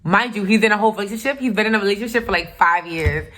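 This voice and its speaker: A young woman vlogger recounts a personal story in a casual, emphatic way. She is blunt and profane, and her voice sits at a middle pitch. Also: rapid-fire, fairly bright tone. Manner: candid, profane, emphatic retelling.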